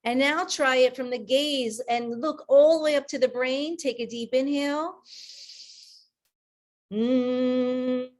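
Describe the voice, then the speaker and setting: Woman, breathwork coach on a video call, slow calm counting, slightly high voice. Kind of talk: guided breathing and meditation session.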